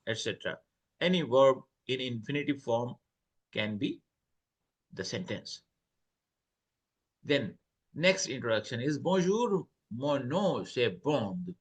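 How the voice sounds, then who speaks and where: Slow-talking man teaching French. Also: medium pitch, a bit bright. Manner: slow, explains each French phrase in English, lifts voice when reading dialogues. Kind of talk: online French lesson, reading and translating dialogues.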